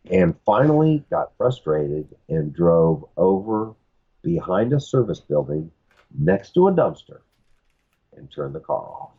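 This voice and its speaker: A man's voice: deep voice, very animated, slow, pauses often, slightly rough, phone-quality sound. A man on a podcast telling a long rambling anecdote, acting out the other people's lines. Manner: rambling anecdotes with quoted dialogue. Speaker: podcast guest. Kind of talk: casual storytelling.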